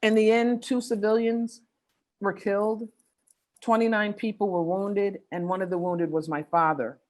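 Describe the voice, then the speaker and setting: A woman leading an organization speaks at an online forum in an earnest, measured way, slowing down for emphasis. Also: mid-range voice, steady tone, a little mellow. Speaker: executive director of a faith-based organization.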